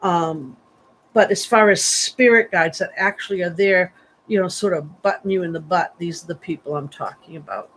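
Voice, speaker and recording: A woman's voice: lowish voice, normal speed, a bit bright, rough recording. A woman giving a psychic reading on a livestream, rambling and chatty with many fillers and restarts, sleepy and yawning. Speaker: psychic medium.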